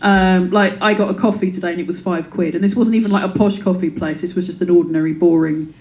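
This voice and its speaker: Fast and steady, with a fairly low, slightly mellow voice, a woman in her thirties performs stand-up for a live comedy club audience. She's playful, mocks herself and slips into silly voices. The recording is low quality, with laughter from the room.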